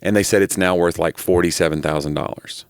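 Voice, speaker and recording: Low-voiced man riffing casually. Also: fairly even intonation, fairly quick, clear, resonant tone, no echo, studio quality. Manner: rambling, self-deprecating storyteller. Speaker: podcast co-host. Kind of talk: casual chat.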